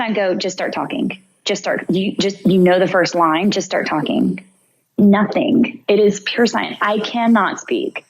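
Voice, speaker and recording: A woman's voice: medium pitch, dull audio, slight background noise. A young woman, a podcast guest, telling a personal story vividly and acting out her own thoughts. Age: young adult. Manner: vivid narration, acts out her own inner voice.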